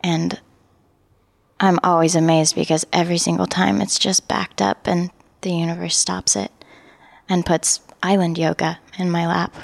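Low, gravelly woman telling an animated story. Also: normal speed. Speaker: yoga teacher trainee. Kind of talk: personal sharing in a group.

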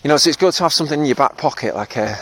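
A man's voice: fairly high pitch, animated, rapid-fire. A man hosting a solo podcast, reflecting in a thoughtful, self-deprecating way with fillers and frequent laughs. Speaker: podcast host and therapist.

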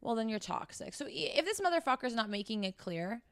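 A woman's voice: fairly high pitch, very animated, fairly quick, a bit bright, clean tone, no room sound. Blunt profane woman scolding listeners. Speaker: podcast host. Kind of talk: blunt dating advice monologue.

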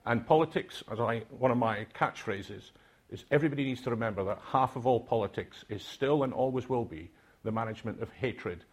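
Older Scottish man, husky, mid-pitched, hesitant conference speaker. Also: a little fast. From Aberdeen, Scotland. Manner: hesitant, many filler sounds and restarts. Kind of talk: reflective speech to a conference audience.

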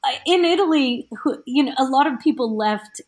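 A woman guest on a podcast, a teacher, chatting and explaining in a halting way with many restarts, heard over a remote call. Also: sits high, lively intonation. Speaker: guest, teacher of Italian studies. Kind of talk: casual podcast chat.

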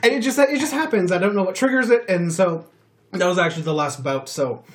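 A man's voice: sits high, brisk. Chatty man telling stories with fillers. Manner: rambling, animated storytelling with many fillers. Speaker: podcast host. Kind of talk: casual chat.

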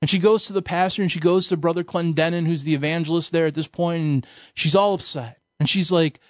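A man's voice: fairly high pitch, fairly quick, no room sound. A man giving a sermon-style Bible teaching lesson, emphatic and colloquial, weaving in stories. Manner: emphatic, colloquial preaching with storytelling. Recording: dull, dry recording.

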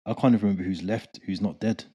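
A man chats in a laid-back, slangy way. His voice is very low and dark, with a husky edge. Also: fairly even intonation, fast, lo-fi sound. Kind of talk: casual chat.

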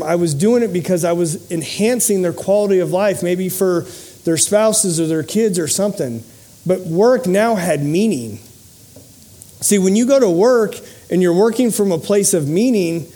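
A man's voice: sits high, warm tone. A man giving a motivational speech to a live audience, telling personal stories in an earnest, humorous way. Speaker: motivational speaker and podcast host.

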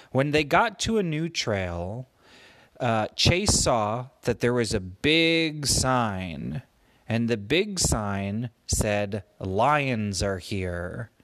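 A man slowly making up a gentle bedtime story for his child, with playful voices for the characters. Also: mid-range voice, no echo. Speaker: parent telling a bedtime story.

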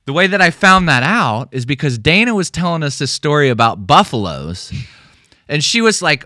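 A man's voice: fairly high pitch, very animated, normal speed, pushed and bright, no room sound, studio quality. A man co-hosting a casual podcast, telling stories full of fillers and restarts. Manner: rambling storytelling with many fillers and restarts. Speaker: podcast co-host.

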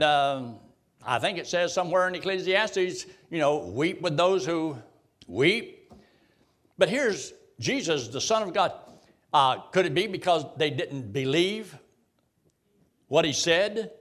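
A man's voice: sits high, a bit bright. A man teaching a Bible study, reading scripture aloud and putting questions to the group in a folksy way. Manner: folksy, reads King James verses aloud and quizzes the group.

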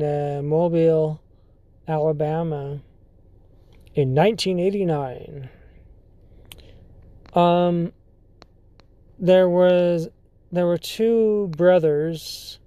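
Slow, halting podcast storyteller. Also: medium pitch, dark tone, clear, resonant tone, no room sound. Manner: halting, filler-heavy, often restarts sentences. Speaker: podcast host. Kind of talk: casual storytelling.

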